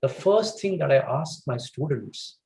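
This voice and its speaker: A man lectures to a webinar audience in a mid-range voice. His delivery is animated, with wide swings in pitch and frequent fillers. The room around him rings with noticeable echo. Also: measured pace, vocal fry, slight background noise. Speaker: guest speaker on English communication.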